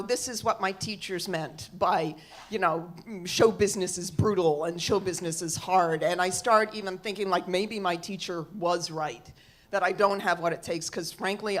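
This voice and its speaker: A middle-aged woman telling a comic story on stage, acting out the people in it. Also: lowish voice. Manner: animated, quotes others with big shifts. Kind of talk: live storytelling.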